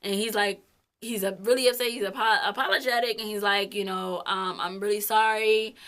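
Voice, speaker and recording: Bright-voiced young woman, blunt and laughing. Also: medium pitch, steady tone, brisk. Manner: blunt, swears freely, laughs often. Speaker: co-host of a couple's vlog. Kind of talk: casual storytelling chat.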